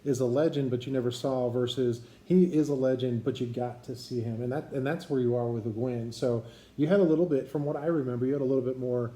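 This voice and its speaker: A male host talking casually with a guest, building up to each story and then responding to it with encouragement. His voice is mellow and dark at a middle pitch. The room is echoey. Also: steady tone, fast. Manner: supportive, sets up the guest's stories. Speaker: channel host interviewing a guest. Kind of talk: casual chat.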